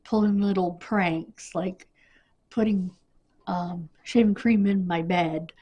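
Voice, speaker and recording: A woman vlogger with a cold, casually reminiscing in a rambling, halting way. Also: fairly low pitch, steady tone, mellow, slightly rough, dull audio. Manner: rambling, halting, with many restarts and fillers. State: coughing, sniffly. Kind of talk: casual personal storytelling.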